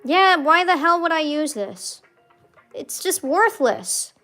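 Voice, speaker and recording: A woman's voice: sits high, lively intonation, takes it slowly, faint music behind. Chatty young woman streamer, swears freely. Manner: chatty, rambling, swears freely, many likes; loud outbursts at game mishaps. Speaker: gaming streamer. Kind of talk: casual gameplay commentary.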